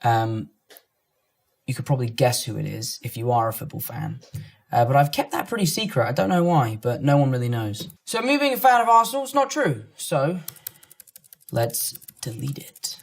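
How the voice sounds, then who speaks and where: A man's voice: mid-range voice, lively intonation, moderate pace, creaky. A young man from England with a London accent, casually reading online comments aloud and answering them in a playful, self-mocking way. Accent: London English. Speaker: actor reading fan comments. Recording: music playing underneath.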